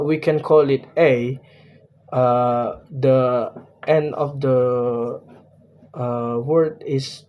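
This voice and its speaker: A man's voice: medium pitch, mellow. A young man with an Indonesian accent giving a class presentation on a poem, hesitant and full of fillers and restarts. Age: young adult. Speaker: student presenting a poem analysis.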